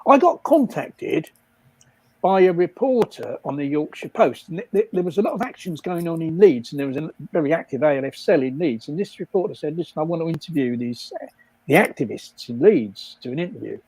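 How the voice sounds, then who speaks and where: A man's voice: a little high, animated, a little fast, dark tone, slightly rough, dry recording, low-quality recording. An older man casually telling rambling stories, laughing often at his own jokes. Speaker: guest storyteller.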